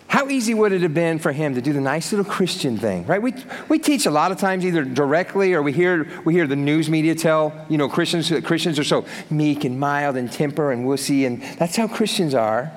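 Lively preaching man in an echoey hall. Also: on the high side, brisk. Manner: lively, conversational preaching with acted-out quotes. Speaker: pastor. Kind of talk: sermon.

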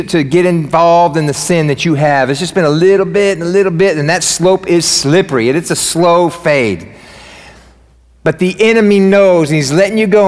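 Energetic joking pastor, man. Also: high voice, big-room sound. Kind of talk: sermon. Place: church sanctuary.

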